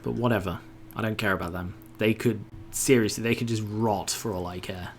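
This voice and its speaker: A man's voice: on the low side, fairly even intonation, a little fast, a little hiss or hum. A man grumbling and swearing to himself while giving casual gameplay commentary.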